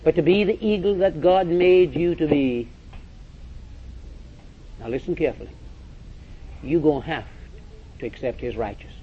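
A man's voice: fairly high pitch, moderate pace, long pauses, husky. A man preaching a sermon, emphatic and direct, repeating phrases and calling listeners to listen. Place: church or meeting hall with audience. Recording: dull lo-fi recording.

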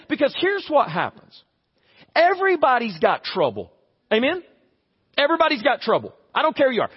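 A pastor with a strikingly high voice delivers a chatty, funny sermon, slipping into quick everyday scenes. His voice rings out through a long church-hall reverb, and the recording sounds a little dull. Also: husky. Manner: conversational, humorous, acts out little scenes. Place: church sanctuary.

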